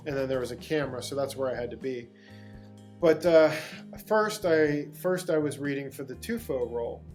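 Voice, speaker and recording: A man's voice: mid-range voice, darkish tone. A man from Pittsburgh, a guest actor, tells a long anecdote in an interview, rambling with restarts and bursts of laughter. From Pittsburgh, USA.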